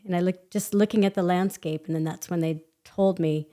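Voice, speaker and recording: Female guest, lower voice, lively storyteller who laughs and acts out voices. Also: normal speed. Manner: animated, laughs often, acts out quoted voices. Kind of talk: conversational storytelling.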